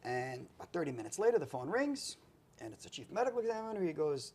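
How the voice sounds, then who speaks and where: As a guest, a man tells a long personal story in a casual chat while eating spicy food, animatedly acting out the quotes in his anecdote. His voice is a little high, fast, and slightly rough.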